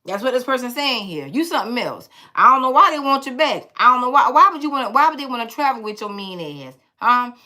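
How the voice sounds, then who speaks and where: A woman's voice: on the high side, animated, fast talker, hardly any pauses, bright, forceful tone. A woman giving a blunt, sassy tarot reading to her viewers, talking in a teasing, profane way. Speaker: tarot reader.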